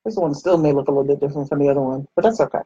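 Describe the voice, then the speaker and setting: Chatty woman vlogger, low and husky. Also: racing, no echo, dull audio. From United States. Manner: chatty storytelling, animated quoted voices, frequent laughs. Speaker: makeup vlogger. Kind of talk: casual chat while doing makeup.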